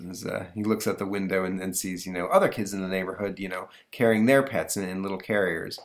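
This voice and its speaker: A man's voice: low-pitched, steady tone, fast, few pauses. A man hosting a podcast, retelling a comic strip in rambling casual chat with fillers and chuckles. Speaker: podcast host.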